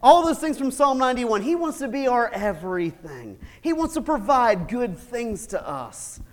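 A male pastor preaching a sermon, animated, swinging from loud emphatic bursts to quiet asides with chuckles. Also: extremely high pitch, normal speed. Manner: animated, shifts from shouting to hushed asides with laughs. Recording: long hall reverb.

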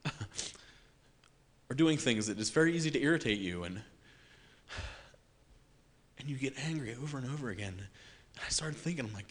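A man giving an unscripted personal faith testimony, earnest and halting, with many restarts, repeated words and soft self-deprecating laughs. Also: mid-range voice. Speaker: lay speaker sharing a faith testimony.

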